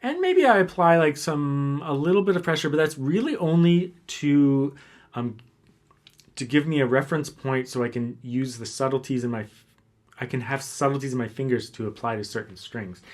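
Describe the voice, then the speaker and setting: A man teaching a guitar lesson, explaining calmly and counting beats aloud as he demonstrates. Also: mid-range voice, normal speed. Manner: relaxed, counts beats aloud while playing. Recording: faint guitar playing behind.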